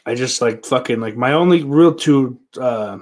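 A man's voice: medium pitch, normal speed, darkish tone. A man hosting his own show, talking in a loose, rambling, profanity-heavy monologue. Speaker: podcast host.

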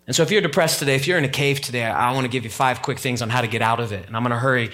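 A man's voice: mid-range voice, racing, sharp tone. A man preaching a sermon as pastor, talking casually to the congregation and rising to emphatic, heightened moments.

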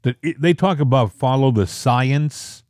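A man co-hosting a talk show talks through politics in an opinionated, emphatic way. His pitch sits at an ordinary middle and climbs when he leans on a point. The sound is dry and close to the mic. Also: unhurried, a little mellow, no echo. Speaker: co-host.

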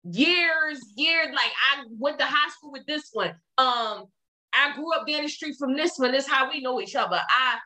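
Young philly woman, bright higher voice, talks frank and loose with lotsa "like". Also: normal speed, rough recording. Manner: candid, animated storytelling, frequent "like" fillers. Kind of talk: casual chat.

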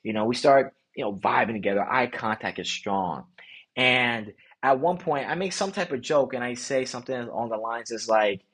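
A man hosting a podcast, telling an animated, slangy story about a night out, swearing casually. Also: medium pitch, moderate pace, husky. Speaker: podcast host, dating coach.

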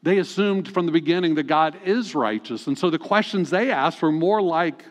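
A man's voice: a little high, normal speed, few pauses, long reverb tail. A male pastor giving a sermon in a conversational way, often asking the congregation rhetorical questions.

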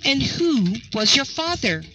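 A woman's voice: sits high, big pitch swings, slow, over music, exaggerated voice, poor audio. A woman reading the lines of a kind, earnest young prince in a storybook tale.

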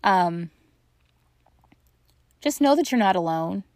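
Gravelly-voiced woman hosting a grief podcast. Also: medium pitch, lively intonation, slow pace, dry recording, studio quality. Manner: warm, reassuring, talking directly to listeners; casual with frequent fillers. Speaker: podcast host and grief coach. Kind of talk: solo podcast monologue.

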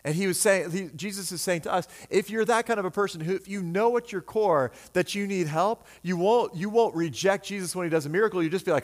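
A man preaching a sermon as pastor in a conversational, animated way, often acting out what people say. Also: sits high, fairly quick, hardly any pauses. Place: church sanctuary. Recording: long hall reverb.

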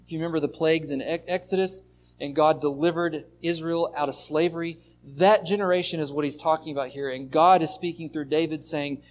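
Higher-voiced male pastor preaching conversationally. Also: steady tone, fairly quick, slight background noise. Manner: conversational preaching, reads scripture aloud and explains it. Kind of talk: sermon.

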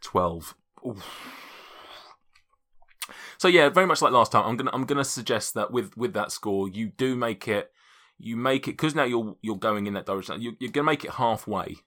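Rambling game master, bright tone. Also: male voice, mid-range voice, animated, normal speed. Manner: rambling, self-correcting, laughs often. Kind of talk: casual tabletop game narration.

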